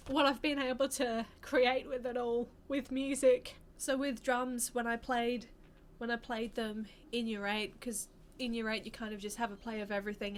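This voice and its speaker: A woman's voice: on the high side, a little hiss or hum. An Australian woman in her twenties telling a personal story to camera, candid and rambling, often restarting her sentences. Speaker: vlogger.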